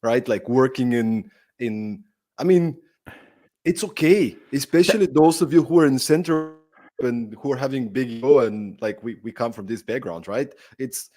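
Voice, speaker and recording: A man's voice: medium pitch, normal speed, dark tone. A man hosting a podcast interview, friendly and conversational, often tagging sentences with "right?" and "like". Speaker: podcast host. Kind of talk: casual interview.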